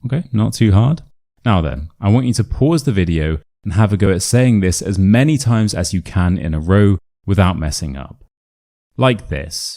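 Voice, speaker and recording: A man with a British RP accent teaching pronunciation in an upbeat, clear instructional video lesson. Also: low voice, expressive, moderate pace, warm tone. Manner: clear, upbeat, demonstrating sounds.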